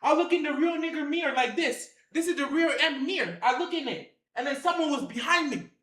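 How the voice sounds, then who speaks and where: A high-voiced storyteller animatedly recounts a wild tale to camera in slang, acting out scenes with sound effects, repetition, and shouting. The recording has a roomy sound.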